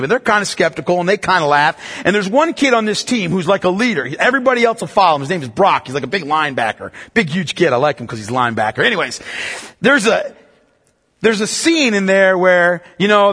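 A man preaching a sermon, telling a story with acted-out lines and building to impassioned exhortation. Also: on the high side. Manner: storytelling, rising to impassioned near-shouting. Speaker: pastor. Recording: reverberant hall.

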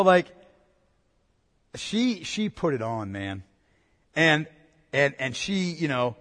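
High-voiced man lecturing casually on history. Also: long reverb tail. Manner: casual, animated storytelling with fillers like "man" and "you know".

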